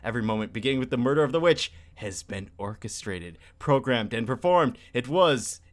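A man reading out a scheming male supervillain's gloating monologue in a slow, grand way. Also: medium pitch, lively intonation, voice pushed down, lightly acted.

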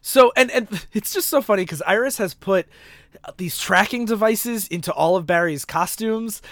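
High-voiced man retelling comic plots. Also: normal speed, fairly bright tone, no room sound, clean studio sound. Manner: laughs while retelling plots, acts out quotes. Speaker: podcast host. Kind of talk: casual comics chat.

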